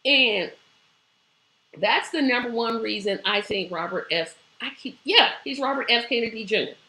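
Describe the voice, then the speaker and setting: A woman's voice: a little high, moderate pace, bright, forceful tone, roomy sound, rough recording. A woman hosting a live online show, giving emphatic commentary, asking rhetorical questions and reading viewer comments.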